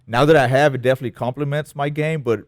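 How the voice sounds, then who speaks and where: A man's voice: mid-range voice, fast talker, no room sound, studio quality. Laid-back Texan man in his thirties. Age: 30s. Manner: relaxed, plainspoken, many fillers. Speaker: guest, jiu-jitsu gym owner and fighter. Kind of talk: casual interview chat.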